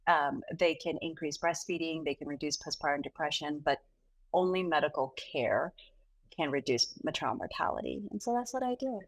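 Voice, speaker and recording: A neonatologist and mother of four appears as a guest in a conversational podcast interview, speaking animatedly and laughing often. Her deep voice moves fairly quickly, and the recording quality is low.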